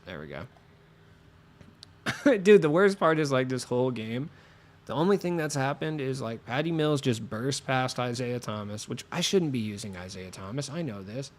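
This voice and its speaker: A man's voice: medium pitch, normal speed. Sick man streaming a basketball game. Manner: swearing, excitable, talks to chat while playing. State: sick, voice lower than usual. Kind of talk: casual gaming stream chat.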